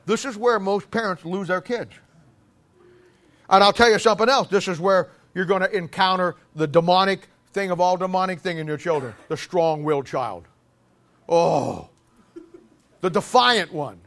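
A man preaching a sermon in an animated, humorous way, stammering restarts and acting out little scenes. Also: sits high, normal speed.

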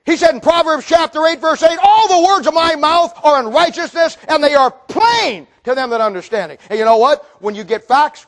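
Fiery man preaching a sermon in a very high voice, folksy and full of rhetorical questions, breaking into shouts.

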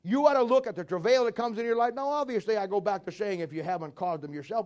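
A man preaching a sermon in a folksy storytelling way, acting out little dialogues and swinging between loud and soft. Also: high-pitched, quick pace, few pauses.

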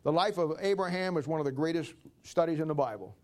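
A man's voice: a little high, lively intonation, fast talker, darkish tone. A man preaching a folksy, conversational sermon and acting out Bible stories.

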